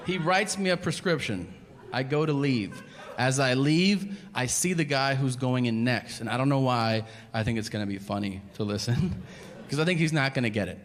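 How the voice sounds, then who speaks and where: A man's voice: medium pitch, lively intonation, brisk, heavy background noise. Profane stand-up comedian man in a big hall. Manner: profane, conversational, acts out quoted voices. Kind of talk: stand-up storytelling. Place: large hall before a live audience. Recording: live stage recording in a reverberant hall. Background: audience laughter and ambience.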